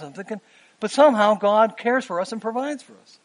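Man, sermon, fifties, earnest, pauses with um, slightly high voice. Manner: earnest, rising emphasis with frequent "um" pauses. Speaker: preacher.

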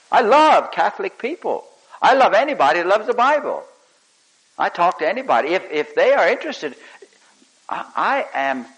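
A man preaching a sermon, swinging between loud emphatic lines and soft hushed ones, with some halting restarts as he tells a story. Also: fairly high pitch, slightly rough, poor audio.

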